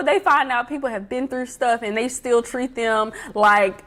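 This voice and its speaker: A woman talks straight to her livestream viewers from home, handing out life advice in a chatty, emphatic way. Her voice sits a little high, and she drives her points home by saying them again. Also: measured pace. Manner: emphatic, repeats key points, chatty and animated. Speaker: livestream host. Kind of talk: casual livestream talk giving life advice.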